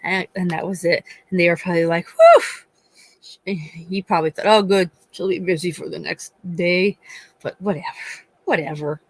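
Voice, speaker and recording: A woman's voice: lowish voice, steady tone, fairly quick, few pauses, no echo. A woman in her forties chatting casually on a live stream, telling stories as a mother and acting out the voices of the people she quotes. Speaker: livestream host.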